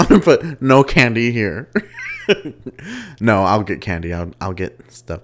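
A young man hosting a casual solo podcast, chatty and quick to laugh as he tells stories. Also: fairly low pitch. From West Texas. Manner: chatty, giggly, animated storytelling. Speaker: podcast host.

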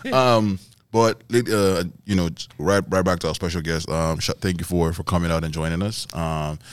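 A man's voice: deep voice, steady tone, normal speed, clear, resonant tone, dry recording. A man hosting a casual podcast chat, laughing often and repeating words as he searches for them. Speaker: podcast host.

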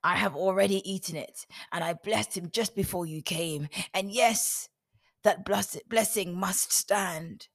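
A woman voicing an old father who speaks slowly and solemnly as he gives a blessing. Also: fairly low pitch, creaky, no echo, voice pushed up. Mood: shaken.

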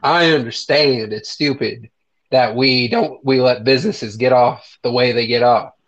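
A man's voice: mid-range voice, unhurried. Young male co-host, crude joker, dull lo-fi recording. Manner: crude, swears freely, laughs at own jokes. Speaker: podcast co-host. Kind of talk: casual joking chat. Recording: dull lo-fi sound.

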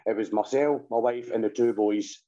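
A Scottish man in his thirties hosting a casual chat, sweary and quick to laugh as he tells stories. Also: fairly low pitch, fairly even intonation, dark tone. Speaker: podcast host. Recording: dull lo-fi sound.

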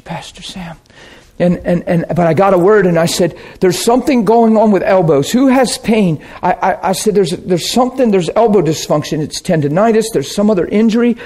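Animated high-voiced male preacher. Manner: animated, acts out scenes with gasps and laughs. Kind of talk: sermon storytelling.

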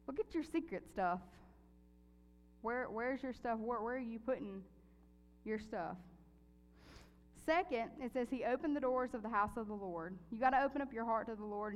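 A woman preaching a sermon and telling a personal story in an animated way, laughing often. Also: on the high side, big-room sound, dull audio.

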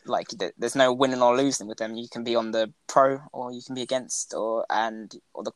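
Young man, casual podcast co-host, mid-pitched, loose rambling delivery, dry recording. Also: steady tone, fairly quick, no echo. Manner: rambling, heavy use of "like" and "you know", laughs a lot. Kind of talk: casual chat.

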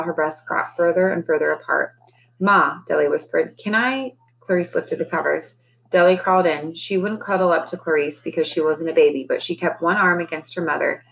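A woman teacher reads a children's novel aloud to her class in a lowish voice, lifting it higher for the characters' lines. A faint hiss sits under the recording. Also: vocal fry, fairly bright tone, low-quality recording. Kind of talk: storybook read-aloud.

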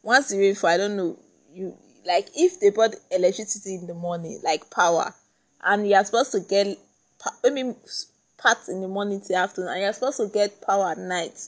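A woman's voice: medium pitch, brisk. A young woman from Nigeria with a Nigerian accent, chatting casually and bubbly as host of her own podcast, laughing often. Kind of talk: casual solo podcast chat.

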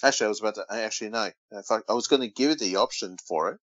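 A man's voice: fairly low pitch, racing, fairly bright tone, no room sound. An Australian man co-hosting a casual podcast, reading odd news stories aloud and teasing his brother. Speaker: podcast co-host. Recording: dull lo-fi dry recording.

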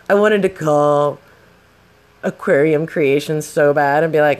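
Profane, animated woman telling a road-rage story. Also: low-pitched, measured pace. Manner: profane, animated, acts out the shouting. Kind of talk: casual storytelling monologue.

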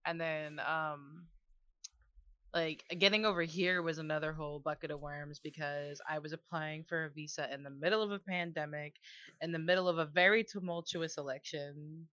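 A woman's voice: sits low, steady tone, normal speed, a bit bright, no echo. A young woman chatting casually as a guest, telling stories with lots of fillers and laughter. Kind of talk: casual chat. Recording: dull lo-fi dry sound.

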